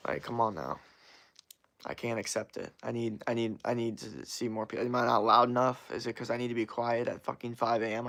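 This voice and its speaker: Young male streamer, gravelly voice, profane rambling rant to chat. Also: medium pitch. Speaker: livestreamer. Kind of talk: casual live stream chat.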